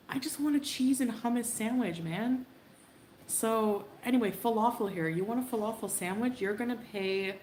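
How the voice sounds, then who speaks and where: Woman, casual livestream chat, chatty, laughs often, echoey room, faint background hiss. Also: medium pitch. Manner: chatty, laughing, greets chat viewers by name. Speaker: livestreamer in a played clip.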